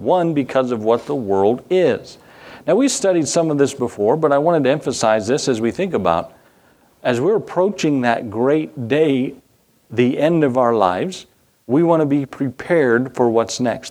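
A man preaching in a church at an ordinary male pitch. He reads scripture and asks the congregation questions, raising his voice on key words. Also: a little mellow. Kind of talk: sermon.

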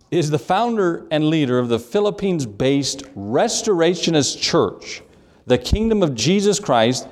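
A man's voice: a little high, a little mellow. A man preaching a sermon in a church, reading scripture aloud and hammering his points with emphatic repetition. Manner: emphatic, repeats key phrases, reads scripture in old English.

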